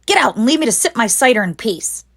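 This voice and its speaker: A woman reading aloud as a rude, drunk male rat in a storybook, shrill and snappish. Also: sing-song, a little slow, full character voice. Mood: angry.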